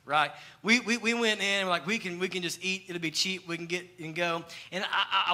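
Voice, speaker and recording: A young adult male pastor, preaching a sermon with animated storytelling and acted-out quotes. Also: on the high side.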